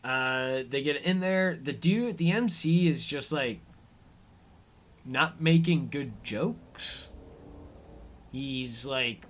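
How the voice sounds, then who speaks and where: A man hosts a loose recap podcast in his ordinary mid-range voice. He rambles through the episode with plenty of ums and likes, chuckles now and then, and slips into brief throwaway voices whenever he quotes a character. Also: mid-range voice. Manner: rambling, filler-heavy, chuckling as he retells scenes; acts out characters' lines in quick offhand voices. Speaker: podcast host. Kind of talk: casual episode recap commentary.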